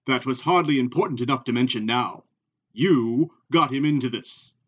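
A man reading a novel aloud in a measured, even way. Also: mid-range voice, breathy edge, muffled recording. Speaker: reader.

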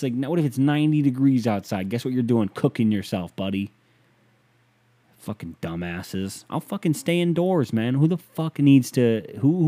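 A man's voice: on the low side, mellow. An American man doing a sarcastic, profane comedic solo rant as a podcast host. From United States.

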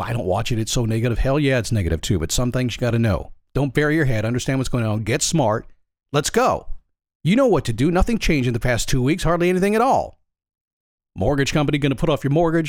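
A man's voice: mid-range voice, darkish tone, no room sound, studio quality. A man giving a blunt, emphatic motivational monologue in a folksy, preaching way. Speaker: motivational speaker.

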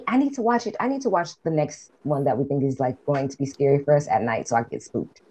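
Female podcast co-host; loose, profane, animated recap delivery. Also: deep voice, fast talker, slightly rough. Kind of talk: casual movie recap chat.

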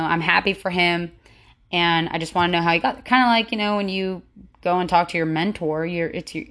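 A woman's voice: on the low side, a bit bright. A woman hosting her own solo podcast in a casual, rambling way, with many fillers and restarts. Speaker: podcast host.

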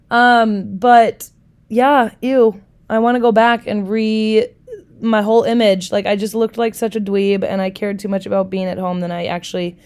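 Smooth-voiced chatty woman podcaster. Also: mid-range voice. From United States. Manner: chatty, candid, swears freely, animated asides. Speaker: podcast host. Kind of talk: casual solo podcast chat.

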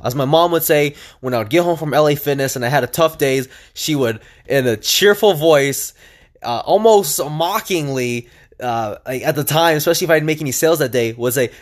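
A young man talking alone on his podcast in a casual, energetic and chatty way, with lots of fillers and restarts. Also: fairly high pitch, fairly quick. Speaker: podcast host. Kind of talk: casual solo podcast monologue.

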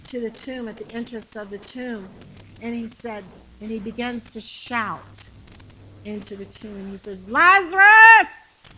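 A woman preaching a sermon with passion, repeating phrases and shouting the climactic lines. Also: on the high side, a little hiss or hum, low-quality recording.

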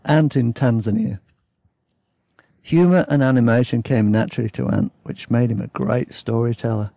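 A man's voice: mid-range voice, normal speed, vocal fry, mellow, no room sound, clean studio sound. A man telling a story in a casual, blunt way, swearing freely.

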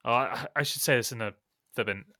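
A man's voice: medium pitch, fairly quick, pushed and bright, no room sound, studio quality. A man co-hosting a casual podcast, reading out quiz questions and answer options with a playful lilt.

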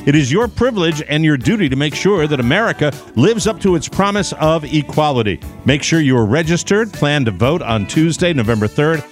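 Lively male talk-show host. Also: fairly high pitch, fairly quick, hardly any pauses, soft background music. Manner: lively, with chatty asides and fillers. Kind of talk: casual talk-show banter and read announcements.

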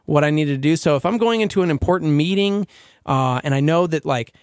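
Male radio co-host, emotional and earnest, slightly high voice, dry studio sound. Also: animated, clean tone, no room sound. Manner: emotional, earnest, quick to laugh. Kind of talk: casual radio chat. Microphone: studio microphone.

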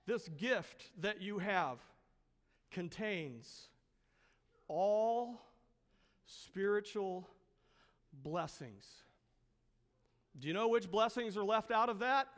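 A high-pitched male pastor delivers a sermon at an unhurried pace, leaning on drawn-out emphasis and rhetorical questions. His voice rings with the long reverb of a church sanctuary. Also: a bit bright.

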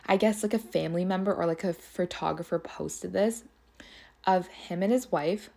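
A young woman hosting a podcast, telling a story in a casual, animated way, full of swearing and "like". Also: lowish voice. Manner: animated, swears often, lots of "like". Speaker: podcast host.

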